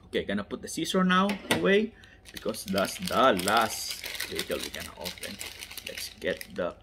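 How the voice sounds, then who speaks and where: A man with a non-native English accent unboxing toy cars, enthusiastic and repetitive, often dropping into soft whispers. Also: lowish voice, wildly swooping pitch, moderate pace, gravelly, husky. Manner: drops to soft whispers while handling toys; enthusiastic, repeats words, addresses "ladies and gentlemen". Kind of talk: unboxing commentary.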